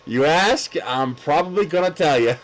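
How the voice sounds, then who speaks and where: A man's voice: on the high side, animated, a little slow, slight background noise, rough recording. Laughing, crude-joking man streamer. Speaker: livestream host. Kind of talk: casual livestream chat.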